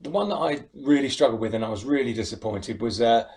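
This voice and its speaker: A man with a southern English accent, chatting as an impressionist guest in an animated way. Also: mid-range voice, fast. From United Kingdom. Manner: animated, laughs easily, slips into voices. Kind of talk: casual interview chat.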